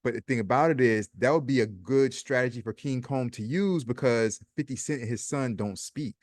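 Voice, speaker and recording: Speaking in a mid-range voice at a moderate pace, this man hosts a casual commentary vlog. He reads posts out loud and tacks on his own remarks, chatty and sarcastic, often repeating himself.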